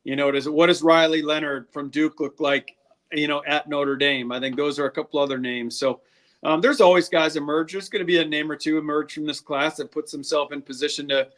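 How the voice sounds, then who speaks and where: Slightly high-voiced man talking football. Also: fairly even intonation, fairly bright tone. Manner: candid, quick, lots of restarts. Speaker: draft scout, guest. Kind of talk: casual interview talk.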